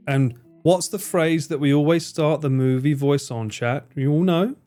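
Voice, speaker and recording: A man's voice: medium pitch, dark tone. A British man streaming live, bantering with his chat, joking and swearing freely. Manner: banter with chat, frequent swearing, quick jokes. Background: faint guitar music.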